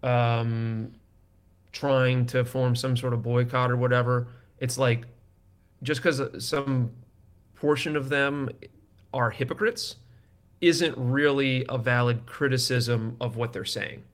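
A man co-hosts a podcast in casual chat. He works through his reasoning with hesitant restarts. His voice sits at an ordinary middle pitch. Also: fairly even intonation, slow pace. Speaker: podcast co-host.

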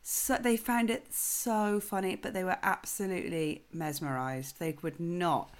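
Sleep-deprived and giggly, a woman co-hosts a podcast, rambling through casual chat and losing her thread. She speaks a little slowly in a lowish voice with fairly even intonation.

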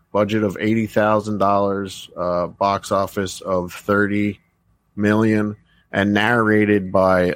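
Low-voiced man reading movie facts. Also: no room sound. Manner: reads movie facts with frequent "uh" fillers. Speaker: podcast co-host. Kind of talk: casual live podcast chat.

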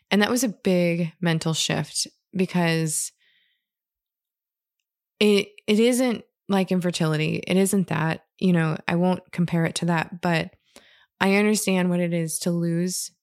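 A woman, telling a candid personal story in a reflective way, with soft laughs. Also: on the low side, no room sound, studio quality.

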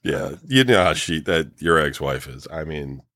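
Speaking at an ordinary pace in a very deep voice, a middle-aged podcast co-host spins lively stories over casual conversation. He cusses and laughs frequently, and there's no echo on the audio.

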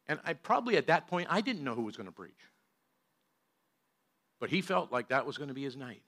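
An older man, a pastor, telling a story in a sermon and moving between loud bursts and hushed passages. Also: mid-range voice, big pitch swings, a little fast, long pauses.

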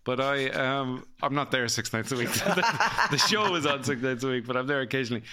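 A man's voice: mid-range voice, lively intonation, a little fast, pushed and bright. An Irish man in his thirties hosting a comedy podcast, rambling and self-mocking in casual chat. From Ireland.

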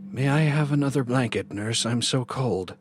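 A man voicing a cold ghost patient with a thin, soft voice. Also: mid-range voice, moderate pace, breathy edge, pitched above the performer's own voice, close to an everyday voice. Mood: plaintive.

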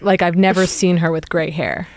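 A woman's voice: fairly low pitch, fairly even intonation, normal speed. A woman in her forties, chatting casually as a guest and rambling with lots of fillers. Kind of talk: casual conversation.

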